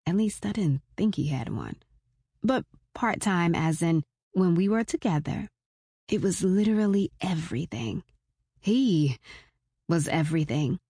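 Low-voiced woman narrating bluntly. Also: expressive, unhurried, dark tone, breathy edge, dry recording, clean studio sound. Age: 40s. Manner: frank, wry, casually profane. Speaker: audiobook narrator. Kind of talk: first-person audiobook narration.

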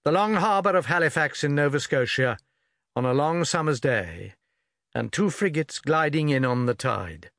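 A man reading a novel aloud as an audiobook, in a measured, expressive storytelling manner. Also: a little high, no echo, studio quality. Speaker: audiobook reader. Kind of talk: scripted audiobook narration.

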